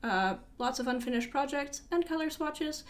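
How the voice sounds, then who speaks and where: A woman's voice: high-pitched, lively intonation, normal speed. A young adult woman casually talking through a tour of her sketchbooks, chatty and rambling, often trailing off and correcting herself. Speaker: artist showing her sketchbook.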